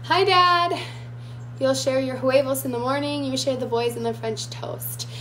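A young woman hosts a chatty live cooking demonstration from her home kitchen, calling her viewers "you guys" and answering their comments while recovering from a lost voice. Her voice sits high, with fairly even intonation at a moderate pace, in an echoey room with faint noise.

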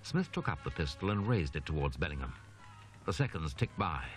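Deep guy narrating horror audiobook, grave and measured, lots of lilt, music underneath. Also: very animated. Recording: narration over background music.

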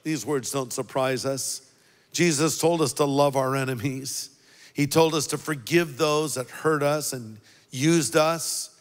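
A man preaching a sermon as a pastor, earnest and deliberate, leaning on key words. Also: medium pitch, big-room sound.

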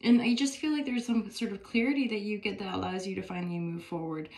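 A woman's voice: mid-range voice, fairly even intonation, quick pace, a little mellow. Chatty woman giving a tarot reading. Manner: chatty and upbeat, with many fillers. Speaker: tarot reader. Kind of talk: casual tarot reading to camera. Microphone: phone.

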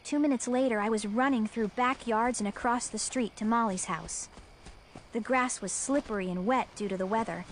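High-voiced woman reading a storybook. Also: slight background noise. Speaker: audiobook reader. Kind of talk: first-person storybook narration.

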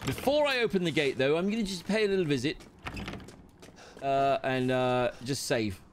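A man giving excitable, frantic running commentary while he plays a video game. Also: on the high side, moderate pace, a little hiss or hum. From United Kingdom. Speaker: gaming commentator. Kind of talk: live gameplay commentary. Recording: loud game audio under voice. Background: loud game sounds.

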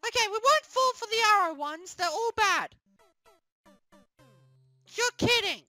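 A very high, squeaky young male plush hero who whines and panics at every obstacle, with a bright edge to the tone. The delivery is slow and drawn out, full of yelps and shouts. It sounds dry and close, with faint music underneath. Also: animated, dry recording, heavily acted. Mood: panicked. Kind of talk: comedic plush puppet gaming skit.

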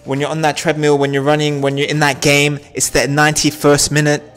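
A man hosting a football training vlog, talking to camera with animated energy that builds as he gets worked up. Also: fairly high pitch, fairly quick, faint music behind. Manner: animated, builds up intensity when pumped. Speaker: football channel host.

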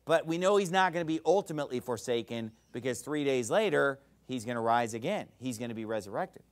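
A man preaching a Baptist sermon, emphatic and animated, now and then shouting out acted quotes. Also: mid-range voice, a little fast.

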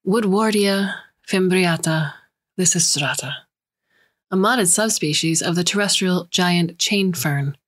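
A woman's voice: fairly low pitch, slow pace. A woman voicing an anxious young ship's gardener who pleads defensively, in a raised voice. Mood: pleading. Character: nervous young female ship gardener, defensive.

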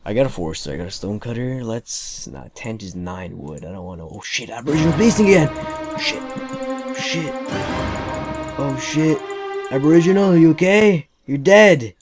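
A young man giving casual, excitable gameplay commentary, swearing often and talking to the characters on screen. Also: on the low side, normal speed, music in the background. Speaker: let's play gamer.

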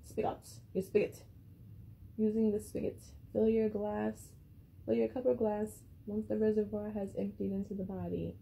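A woman's voice: medium pitch, little pitch movement, moderate pace, creaky, dark tone, slight background noise. A woman vlogger chatting casually and rambling to her viewers as she unboxes something, a little out of breath.

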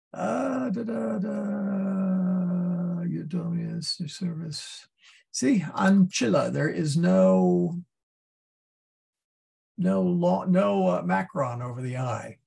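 A man teaching a Latin class, explaining step by step and thinking aloud with many pauses and fillers. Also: sits high, very animated, vocal fry, a little mellow, breathy edge. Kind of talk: classroom lesson.

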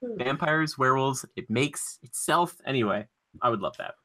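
A man's voice: medium pitch, animated, pushed and bright. A young man co-hosting a podcast in casual chat, joking and acting out little voices. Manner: joking, quick to laugh and act out voices. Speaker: podcast co-host.

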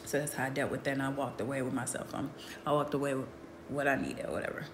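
A woman telling a story in casual chat. She talks emphatically, often ends points with "period", and swings between hushed asides and loud bursts. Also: extremely low pitch, fairly even intonation, fast, background noise.

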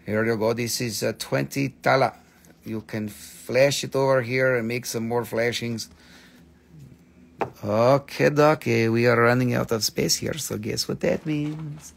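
A man's voice: mid-range voice, steady tone, unhurried, gravelly. A man hosting a live stream sale, chatting casually and jokingly, swearing freely and tossing in silly voices. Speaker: host selling stones on a live stream. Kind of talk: casual live sales chat.

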